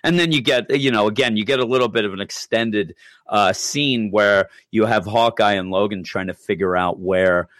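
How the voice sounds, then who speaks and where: A man co-hosting a podcast, recapping a comic book in a casual, animated way. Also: lowish voice, normal speed, dry recording, studio quality. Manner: animated, acts out character voices, chuckles often. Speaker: podcast co-host.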